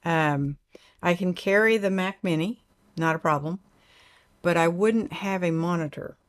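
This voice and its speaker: A woman's voice: fairly low pitch, a little slow. An older woman with an Oklahoma twang hosting a casual livestream, chatting and reading viewer comments aloud in a rambling way. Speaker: livestream host.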